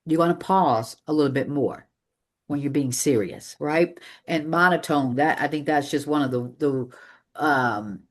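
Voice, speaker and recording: Energetic public speaking coach, mid-pitched voice. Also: unhurried. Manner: energetic, emphatic, varies pace for demonstration. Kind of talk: live training presentation. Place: meeting room with an audience.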